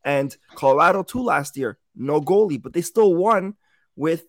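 A man co-hosting a sports podcast in casual chat. He is animated, swears now and then, and rephrases himself mid-thought. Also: fairly high pitch, normal speed, a little hiss or hum. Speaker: podcast co-host.

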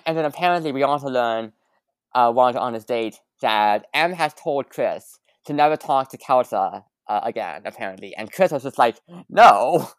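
A woman with a strikingly low voice hosts a casual podcast chat. She recaps the film scene by scene in a chatty way, full of fillers. The sound is dry and close. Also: lively intonation, normal speed, no echo. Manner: chatty, recaps plot with frequent fillers and laughs. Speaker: podcast host.

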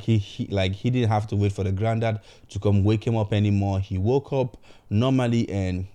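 Male storyteller, lowish voice, dry close sound, chatty and animated. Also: dry recording. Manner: animated retelling, acts out quoted voices, frequent "you know". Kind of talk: casual storytelling monologue.

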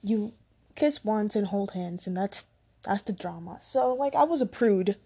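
A woman's voice: mid-range voice, animated, a little slow, mellow, breathy edge. A young woman from the Dominican Republic telling a personal story in a rambling, casual way that often goes off track. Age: young adult. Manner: rambling, sidetracked, laughs often. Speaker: vlogger.

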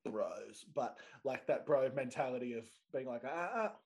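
A man, hosting a podcast and asking questions in a joking, warm way in casual conversation. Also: medium pitch, fairly even intonation, normal speed. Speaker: podcast host.

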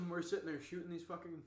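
A man co-hosting a podcast, telling a long story in a rambling, profane, animated way in casual chat. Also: high voice, normal speed, roomy sound. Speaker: podcast co-host.

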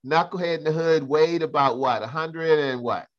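A man's voice: fairly high pitch, moderate pace, highs cut off. A male host chats casually, teasing his guest with incredulous remarks. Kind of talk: casual chat.

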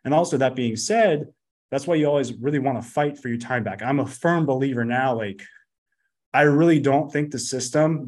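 A man's voice: mid-range voice, a little mellow. A man who is a podcast guest, talking casually in a rambling, blunt way, full of fillers and swearing. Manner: rapid, rambling, full of "like" and "you know". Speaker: podcast guest, business coach. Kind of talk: casual interview chat.

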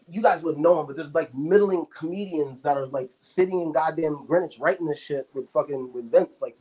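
A man, a comedian, chatting on a podcast in a loud, profane, animated way. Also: a little high, husky, lo-fi sound. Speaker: comedian guest. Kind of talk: casual podcast chat.

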